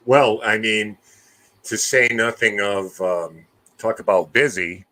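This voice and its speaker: A man's voice: on the low side, slow, pushed and bright. A man hosting a podcast interview, chatting in a friendly, loose way. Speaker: podcast host. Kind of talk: casual interview chat.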